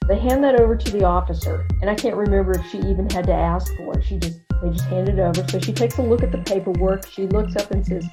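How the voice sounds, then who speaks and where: A woman hosts a casual podcast chat, telling a long story in an animated way and putting on the voices of the people in it. Music plays clearly underneath her. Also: medium pitch, quick pace, few pauses. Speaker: podcast host. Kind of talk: casual conversation.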